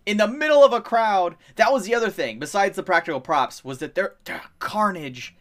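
A young man chatting casually as a podcast co-host, rambling with lots of fillers, getting excited and swearing freely. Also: sits high, a little fast. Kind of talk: casual chat.

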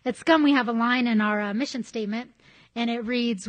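A woman's voice: on the high side, fairly quick. A woman preaching a sermon in a conversational, candid way, telling personal stories. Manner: conversational, candid, animated storytelling.

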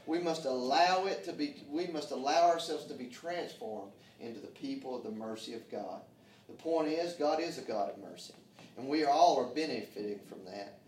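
A man's slightly high voice, recorded from a distance with reverb, fills a church sanctuary as he preaches. The pastor is fervent and folksy, with folksy grammar, drawing answers from the congregation through call-and-response.

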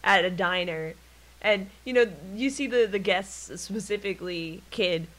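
A woman co-hosting a podcast in casual chat, animated, acting out little voices and laughing often. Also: medium pitch, measured pace. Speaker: podcast co-host.

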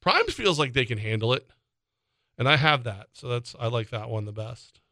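A man's voice: medium pitch, lively intonation, sharp tone, dry recording, clean studio sound. A man hosting a sports talk radio show, joking and chatting casually with a co-host. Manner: joking, quick, laughs often.

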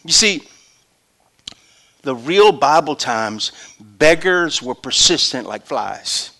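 A middle-aged man preaching a sermon, acting out voices and swinging from hushed asides to shouts. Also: fairly high pitch, expressive, slow pace. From Louisiana.

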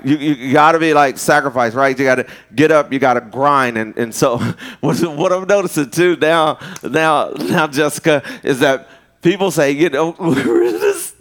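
Animated joking male preacher. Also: fairly high pitch. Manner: animated, joking, talks straight to the audience. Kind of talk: casual storytelling sermon.

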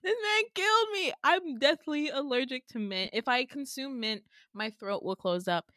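A young woman co-hosting a podcast, telling a story in casual chat, animated and laughing often as she acts out quotes. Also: high voice, moderate pace, dry recording, studio quality. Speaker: podcast co-host.

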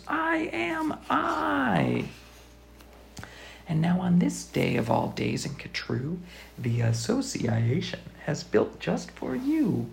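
Father reading a storybook aloud, very animated pitch and a rough, gravelly texture, sing-song with whispered lines.

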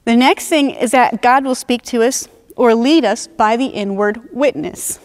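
A woman preaching a sermon in an earnest teaching manner, slowing down to stress key phrases. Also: a little high.

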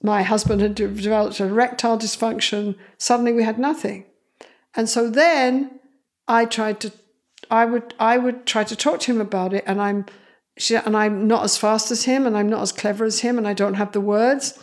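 A woman's voice: a little high, normal speed. A woman psychologist, a guest in an interview, telling stories and acting out the voices of the people in them. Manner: animated, acts out quoted voices. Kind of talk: storytelling in an interview.

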